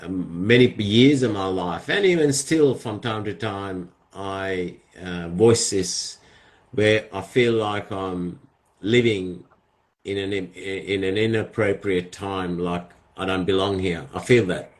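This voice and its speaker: Low-voiced reflective male podcast host. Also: slow pace. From grew up partly in the tropics, then Australia. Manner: reflective, hesitant with many fillers. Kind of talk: casual conversation.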